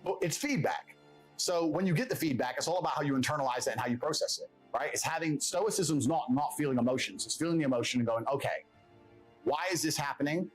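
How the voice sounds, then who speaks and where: A man's voice: fairly high pitch, fast, soft background music, rough recording. A man who grew up in England delivers a blunt, profane, self-assured motivational monologue as a podcast guest.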